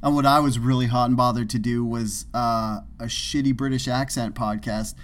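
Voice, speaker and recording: A man's voice: medium pitch, steady tone, moderate pace. A man from Canada co-hosting a podcast in casual banter, rambling with sarcastic, self-deprecating asides. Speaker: podcast co-host.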